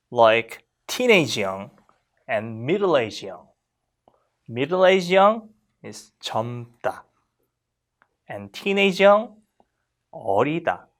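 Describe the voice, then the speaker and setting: Lively-pitched Korean language teacher. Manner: models Korean phrases slowly for learners to repeat; lively, questioning classroom delivery. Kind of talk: explaining grammar to learners.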